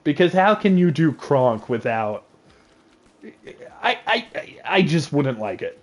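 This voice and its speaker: A man chatting casually on a livestream, excitable and joking, rambling from thought to thought at a desk mic. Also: fairly high pitch, a little slow. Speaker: streamer.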